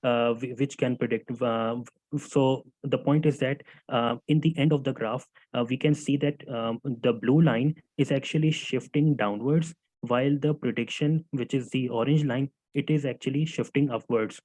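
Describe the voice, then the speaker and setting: A man's voice: mid-range voice, steady tone, normal speed, darkish tone, no echo, low-quality recording. A male student presenting answers to his teacher in class, hesitant and full of fillers, calling him sir. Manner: hesitant, many fillers and restarts.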